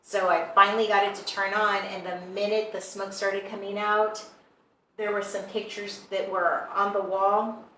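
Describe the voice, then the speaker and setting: Indoors in her shop, a woman who owns it and works as a tattoo artist chats casually about strange events, animatedly acting out what people said in a mid-range voice at moderate pace. The room is echoey, the mic some distance off, with a faint hum in the background.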